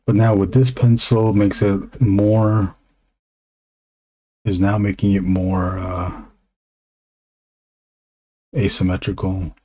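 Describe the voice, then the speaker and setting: A man streaming live while drawing comics, talking low and half-whispered into a desk microphone, musing with pauses. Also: flat delivery, warm tone.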